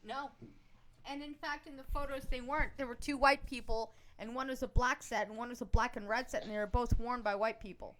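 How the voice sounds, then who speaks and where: Podcast host lady, kinda high voice, blunt and sarcastic, swears a lot. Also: fairly even intonation, a little fast, a bit bright. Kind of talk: casual podcast chat.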